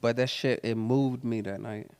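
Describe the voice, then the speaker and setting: A man's voice: medium pitch, steady tone, normal speed, smooth. Man telling stories profanely, hall reverb. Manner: profane, laughs often while telling stories; turns quiet and reflective when serious. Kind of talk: candid storytelling conversation.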